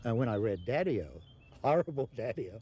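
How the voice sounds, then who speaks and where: An older man with an Australian accent, an actor giving an interview and telling stories with animated mimicry. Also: mid-range voice, moderate pace, slight background noise. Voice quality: animated storyteller who laughs and mimics voices.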